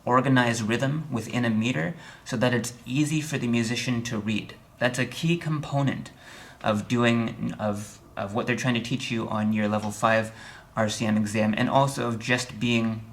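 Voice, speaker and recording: A man's voice: mid-range voice, steady tone, moderate pace, vocal fry. Man teaching music theory at a piano. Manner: explanatory, says "okay?" often, dry humor. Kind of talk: online lesson. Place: room with a piano.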